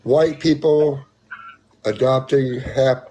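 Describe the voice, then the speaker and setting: A man's voice: mid-range voice, fairly even intonation, slow, mellow. A man hosting a live stream, chiming in with brief supportive remarks. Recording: faint background noise.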